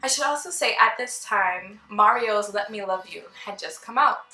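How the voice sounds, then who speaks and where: Bright-voiced young woman telling a story. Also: medium pitch, normal speed. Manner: chatty and animated, acts out the people she quotes. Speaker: vlogger. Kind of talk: casual storytime. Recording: roomy with faint background music.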